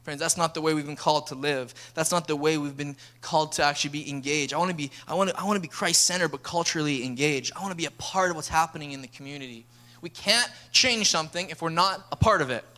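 A young man, preaching a lively sermon as a pastor and acting out stories. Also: fairly high pitch, quick pace. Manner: energetic storytelling preacher, acts out dialogue.

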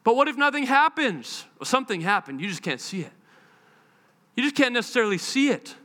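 A man preaching a sermon in a conversational, animated way, acting out the quotes he tells. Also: very high-pitched, a little fast, big-room sound. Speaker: pastor.

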